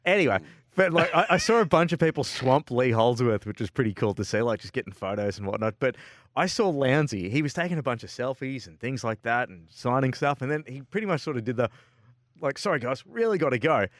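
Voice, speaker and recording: A man's voice: medium pitch, animated, a little fast, dry recording, clean studio sound. A man co-hosting a casual motorsport chat, rambling with lots of filler words and laughing at his own stories. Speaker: co-host.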